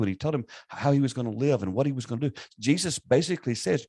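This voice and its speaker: A man in his late fifties, a pastor and podcast host, retelling a story in a lively conversational way with many restarts. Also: medium pitch, rapid-fire, few pauses, breathy edge, no room sound. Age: 50s. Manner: animated retelling with acted quotes, many restarts.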